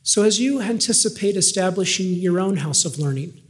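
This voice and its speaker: An older man delivers a scripted devotional address from a lectern. His voice sits a touch higher than most men's. His delivery is measured and carries a gentle dry humor. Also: animated. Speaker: devotional speaker.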